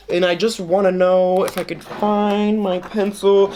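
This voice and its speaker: A man's voice: sits high, little pitch movement, unhurried, few pauses, a little mellow. Brief: playful guy, storytime vlog, theatrical delivery, light music bed. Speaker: vlogger telling a dating story. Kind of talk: animated storytime monologue.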